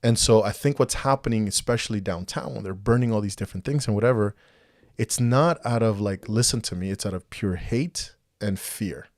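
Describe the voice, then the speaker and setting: A man's voice: lowish voice, fairly quick, no room sound, clean studio sound. A man co-hosting a casual podcast, rambling with many restarts and acting out quoted dialogue. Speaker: podcast co-host.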